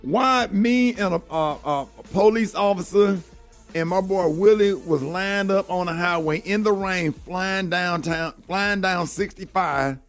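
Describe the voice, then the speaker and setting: Unhurried and high-pitched, this middle-aged morning radio host shares a heartfelt story in an earnest manner, with soft music playing behind him. He leans on "man" and "you know" throughout.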